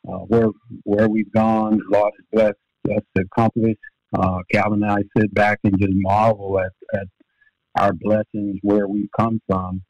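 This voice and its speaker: A man's voice: lowish voice, darkish tone, dry recording. An older man, a former basketball player and coach, telling stories in a podcast interview with frequent fillers and restarts. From Louisiana. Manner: unhurried storytelling with many fillers and restarts. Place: home office. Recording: dull lo-fi dry remote audio.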